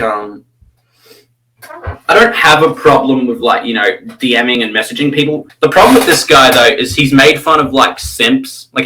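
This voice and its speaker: A man's voice: mid-range voice, bright, forceful tone, low-quality recording. An Australian man giving rambling, crude, mocking commentary, full of fillers and restarts. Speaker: channel host.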